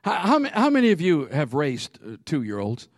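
Lively higher-voiced male preacher. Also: normal speed, no room sound, clean studio sound. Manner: animated, laughs often, calls out to the congregation. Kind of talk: sermon with humorous storytelling.

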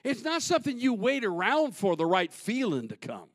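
Pastor, male, high tenor, dry close sound, preaches in surges, shouts the peaks, mutters the asides. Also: huge pitch swings, moderate pace, no room sound. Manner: builds to shouting peaks, drops to low asides; folksy, repetitive, call-and-response. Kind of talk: sermon.

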